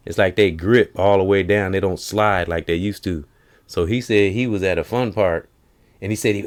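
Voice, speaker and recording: Deep-voiced man retelling comedy bits. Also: moderate pace. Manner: retells comedy bits, jumping into high put-on voices for quotes. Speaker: host. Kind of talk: casual chat.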